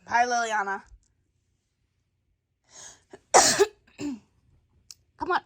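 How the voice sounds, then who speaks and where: A woman's voice: high-pitched, a bit bright, no echo, studio quality. A woman telling a playful family story, switching between many character voices. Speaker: storyteller voicing a family skit. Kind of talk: playful family role-play.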